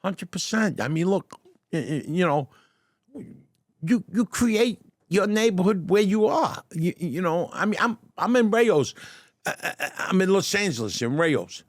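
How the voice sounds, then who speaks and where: An older man with a New York accent telling stories in a casual interview, animated and stammering over his starts. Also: high voice, a little slow, dry recording, clean studio sound. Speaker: guest, deli owner turned actor. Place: restaurant dining room.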